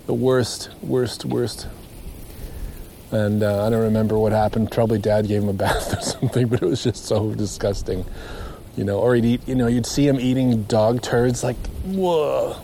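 Walking through a marsh, a nature walk vlogger talks to himself in a fairly low, dark, level voice, a little fast, recorded outdoors with slight background noise. He meanders chattily and chuckles at his own stories.

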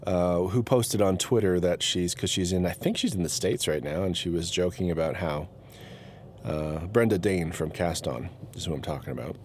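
Over loud road noise, a low-voiced man speaking at normal speed rambles through a casual vlog. This blogger is chatty and often interrupts himself, abandoning thoughts halfway and starting over.

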